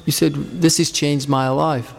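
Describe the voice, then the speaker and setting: A man's voice: on the high side, level tone, unhurried, gravelly, long reverb tail, slight background noise. A man leading a devotional group, talking informally and telling rambling anecdotes between questions. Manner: rambling, anecdotal, warm storytelling.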